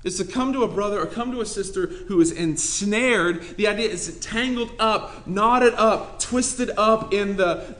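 High-voiced, bright young pastor preaching. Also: male voice. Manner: passionate, conversational preaching with jokes and emphatic repeats. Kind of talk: sermon.

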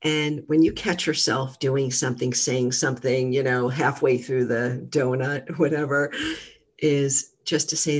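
A middle-aged woman, a guest trainer, talking casually in a gentle coaching manner with lots of fillers. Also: a bass voice, a little slow. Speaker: guest, mental fitness trainer. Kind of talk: casual interview talk.

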